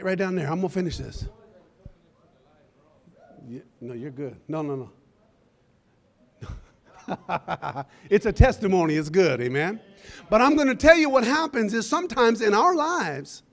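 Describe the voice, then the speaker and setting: A man with a very high-pitched voice preaches with fervor, punctuating his points with amen and hallelujah. He speaks as a pastor to his church. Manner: fervent, calls out amen and hallelujah. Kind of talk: sermon.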